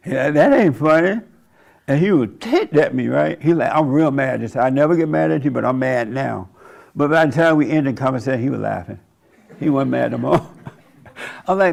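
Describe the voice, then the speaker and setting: A man's voice: on the high side, animated, moderate pace, creaky, pauses often, a little mellow. A man in his seventies giving a folksy, conversational sermon monologue as a church host, often laughing and mocking. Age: 70s.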